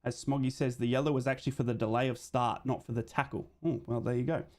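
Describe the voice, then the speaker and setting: A man's voice: mid-range voice, steady tone, fast, darkish tone. A man hosting a live football watchalong, giving running play-by-play and reading out viewer comments. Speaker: host of a live match watchalong stream.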